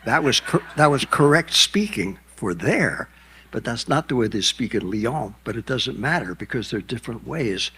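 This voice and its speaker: A man in his nineties gives a rambling keynote speech on a conference stage, full of anecdotes, asides, and restarts. His voice sits on the low side and is a bit bright, with slightly rough sound.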